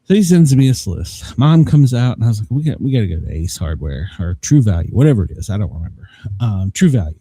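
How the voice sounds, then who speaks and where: A man's voice: lowish voice, very animated, quick pace, mellow, slightly rough, dry recording. A man telling a long, rambling story in casual chat as a show host, laughing often. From Southern United States.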